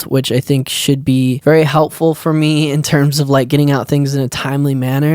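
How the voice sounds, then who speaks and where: A man musician talking casually to his viewers in a year-end vlog, relaxed and rambling with lots of likes and restarts. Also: mid-range voice, clear, resonant tone, dry recording, studio quality. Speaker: musician and video creator.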